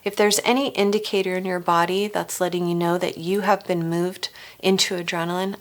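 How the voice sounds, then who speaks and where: Leading a family recovery course, a woman with a low-leaning, level voice talks a little fast. Her workshop coaching relies on rhetorical questions and acted-out sample lines.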